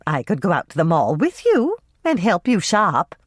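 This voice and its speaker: Bossy grand mom, talks down, slow and showy, narrator doing her, dry sound. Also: mid-range voice, huge pitch swings, dry recording. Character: proud, bossy middle-aged mother.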